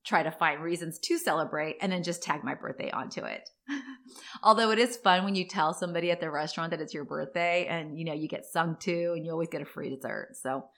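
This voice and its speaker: A woman in her forties tells rambling personal stories in casual conversation. Her voice sits a little low but sounds bright and forward, and she leaps higher when something excites her. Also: a little fast. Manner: chatty, rambling, with tangents.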